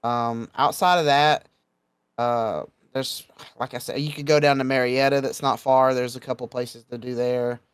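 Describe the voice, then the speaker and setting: A young adult man from Georgia, hosting a casual podcast chat and speaking bluntly, getting animated when laying down rules. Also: mid-range voice, normal speed, clean tone, dry recording. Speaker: podcast host.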